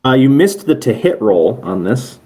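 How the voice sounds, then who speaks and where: Casual man game master, mid pitch, chatty narration over a call. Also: big pitch swings, moderate pace, dark tone. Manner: casual, rambling, self-correcting.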